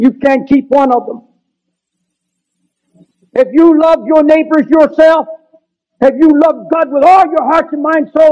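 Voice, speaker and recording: A man's voice: very high-pitched, darkish tone. A man preaching a sermon in an earnest, pleading manner that builds to raised, urgent emphasis. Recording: dull lo-fi sermon recording.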